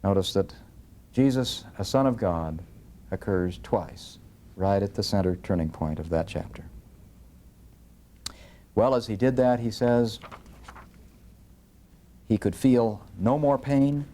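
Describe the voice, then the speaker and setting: Low, mellow-voiced man lecturing on scripture. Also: takes it slowly, long pauses, a little hiss or hum. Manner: earnest, instructive, reads verses with rising emphasis.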